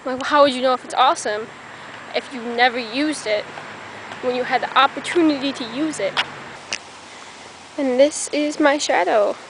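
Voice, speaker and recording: A woman's voice: high voice, normal speed, long pauses. A young woman walking around a college campus outdoors, talking casually to a handheld camera in a chatty, rambling way. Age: young adult. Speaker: college student vlogger. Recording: noisy outdoor camera audio.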